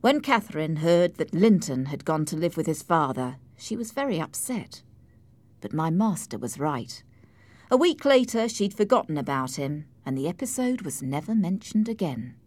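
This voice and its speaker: A woman narrating an audiobook in a clear, measured storytelling manner, close to the mic. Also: sits low, very animated, a little mellow, no echo.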